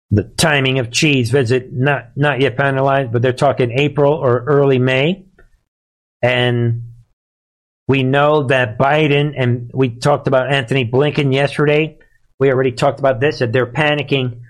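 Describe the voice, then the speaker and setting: Hosting a live commentary stream, a man with a middling pitch delivers a sarcastic, emphatic rant. He stresses words for effect and addresses his listeners directly.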